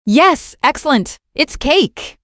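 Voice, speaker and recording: Slow, high-voiced woman teaching English. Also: expressive, a bit bright, dry recording. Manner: slow, clear, repeats words for the learner. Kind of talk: slow beginner English lesson. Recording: dry close voice with faint music. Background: faint background music.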